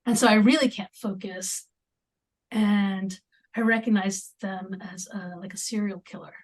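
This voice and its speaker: Halting woman guest, sometimes near a whisper. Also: medium pitch, fairly even intonation. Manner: halting, with many fillers and restarts; drops into near-whispers at times. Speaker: podcast guest. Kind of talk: conversational interview.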